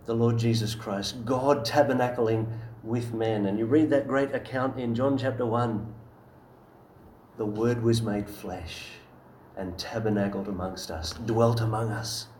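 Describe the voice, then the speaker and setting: Male preacher, mid-pitched, emphatic and earnest, in a reverberant church room. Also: a little mellow, slight background noise. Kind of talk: sermon.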